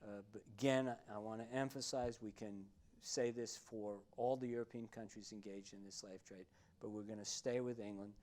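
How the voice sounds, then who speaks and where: Halting male history lecturer. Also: fairly low pitch, steady tone, darkish tone. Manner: deliberate, halting with many fillers, stresses key words. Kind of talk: classroom lecture.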